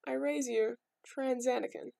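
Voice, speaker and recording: A young woman tells myths in a loose, irreverent vlog ramble. Her voice sits high and bright. The sound is close and dry, with no room around it. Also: steady tone, normal speed, creaky, dry recording. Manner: rambling, irreverent, jokey asides. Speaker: vlogger. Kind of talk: casual storytelling.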